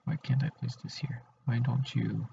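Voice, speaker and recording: A man's voice: mid-range voice, little pitch movement, normal speed, gravelly, dark tone, a little hiss or hum. A young man casually chatting on a live stream while building, muttering to himself. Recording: dull lo-fi stream audio.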